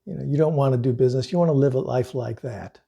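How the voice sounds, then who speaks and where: A man's voice: medium pitch, quick pace, vocal fry, warm tone, slightly rough. A middle-aged man and sales coach telling a personal story as a lesson, in an earnest, conversational way with casual fillers.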